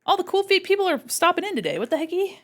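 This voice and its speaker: A woman's voice: very high voice, very animated, very fast. A woman streamer chatting casually while she draws. She is bubbly, greets her chat and exclaims often.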